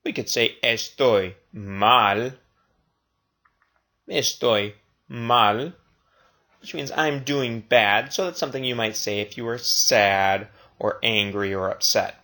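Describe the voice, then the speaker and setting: A man teaching a recorded language lesson, speaking slowly and deliberately and repeating each phrase twice. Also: mid-range voice, pushed and bright. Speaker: Spanish teacher.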